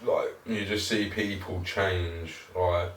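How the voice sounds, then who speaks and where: A man's voice: sits low, steady tone, slow. A man co-hosting a podcast, telling rambling, sweary stories in casual chat and laughing often. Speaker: podcast co-host. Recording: roomy, distant mic with faint noise.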